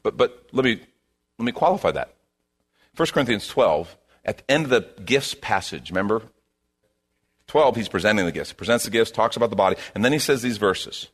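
A man preaching a sermon as a pastor, in an animated, conversational way, repeating his key phrases. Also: lowish voice, fairly quick, breathy edge.

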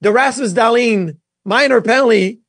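A man, a former goalie co-hosting a casual sports talk show, telling animated stories with many restarts. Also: very high-pitched, moderate pace, creaky, slightly rough, dry recording. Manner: animated storyteller, lots of restarts.

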